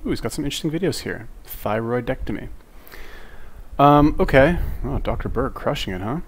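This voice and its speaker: A man's voice: medium pitch, animated, fast talker, husky, low-quality recording. Rambling, profane male reaction host. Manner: rambling, profane, sarcastic, lots of fillers. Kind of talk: casual commentary reacting to a video.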